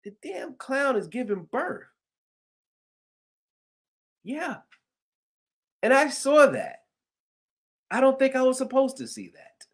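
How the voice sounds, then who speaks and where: Animated high-voiced Southern man telling stories. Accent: Southern American. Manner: animated, laughs often, acts out voices. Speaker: host of paranormal news show. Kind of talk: casual storytelling chat.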